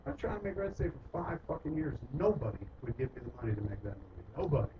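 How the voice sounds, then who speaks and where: A man's voice: fairly high pitch, very animated, fast talker. A man, a filmmaker, telling stories in casual, profane talk, swearing often and acting out the voices of people he quotes. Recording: distant muffled recording with loud noise.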